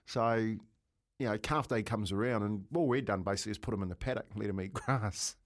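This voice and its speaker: Laughing Kiwi man telling a story. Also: brisk. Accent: New Zealand. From New Zealand. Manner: animated, laughing, raises pitch for quoted voices. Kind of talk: casual storytelling.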